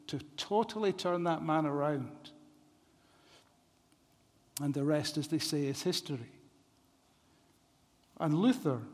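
A man preaching a sermon in a measured, deliberate way, repeating phrases for emphasis. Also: fairly high pitch, a little mellow. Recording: long hall reverb.

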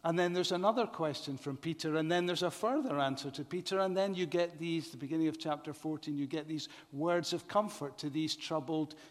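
A man preaching a sermon in a measured way, often asking the congregation rhetorical questions. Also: fairly high pitch. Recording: long reverb of a large hall.

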